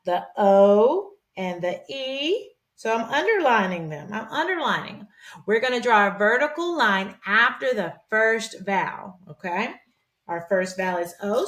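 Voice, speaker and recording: A woman teaching young children to read, giving patient phonics instruction with encouraging, sing-song praise and slowly stretched sounds. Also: mid-range voice, a bit bright, recorded from a distance. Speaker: reading teacher. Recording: roomy echo, speaker away from the mic.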